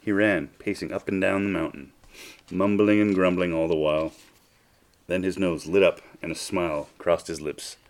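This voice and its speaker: A man with a very low voice reads a children's storybook aloud. He keeps his delivery unhurried and expressive, drawing out phrases as he goes. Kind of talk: storybook reading.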